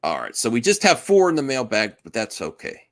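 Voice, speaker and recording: A man's voice: mid-range voice, huge pitch swings, brisk, a bit bright. A man hosting a podcast in casual chat, rambling and restarting his sentences and laughing often. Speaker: podcast host.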